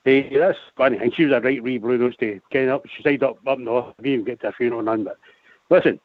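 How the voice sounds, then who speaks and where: An excitable man calling in to a fan radio show. He stumbles and repeats words as he talks. The phone line is narrow, dry and tinny. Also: mid-range voice, fast, no room sound. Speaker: caller. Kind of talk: casual call-in chat.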